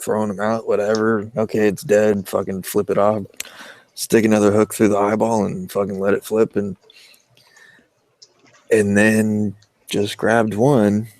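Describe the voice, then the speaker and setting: A man's voice: fairly low pitch, gravelly, a little mellow, no room sound. A young man with a Southern Californian accent telling a rambling, profane fishing story in casual chat. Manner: profane, rambling, laid-back.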